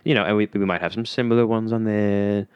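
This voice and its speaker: A man's voice: lowish voice, steady tone, brisk, smooth, no room sound, lo-fi sound. A man co-hosting a casual home-recorded podcast, joking and playful. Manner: playful, jokey. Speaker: podcast co-host. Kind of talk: casual chat.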